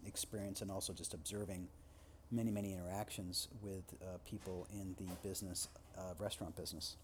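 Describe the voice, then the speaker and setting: A man's voice: medium pitch, a little mellow, a little hiss or hum. A man teaching a recorded lecture, reading textbook passages and adding loose spoken asides with fillers. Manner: reads aloud, then adds loose asides with fillers. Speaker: instructor.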